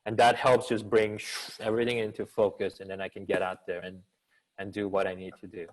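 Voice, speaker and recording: A man's voice: fairly low pitch, a little fast, rough recording. Man coaching over a video call. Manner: energetic, coaching tone with rhetorical questions; actor's expressive delivery. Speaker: business school professor and communication coach. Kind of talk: answering questions in an online seminar.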